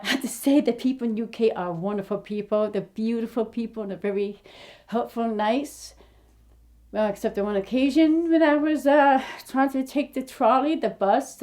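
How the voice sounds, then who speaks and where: A woman in her fifties with a high, bright-pitched voice talks straight to camera in a casual personal vlog. She rambles earnestly, restarting her thoughts and pouring heartfelt feeling into each aside. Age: 50s. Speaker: aspiring actor vlogger.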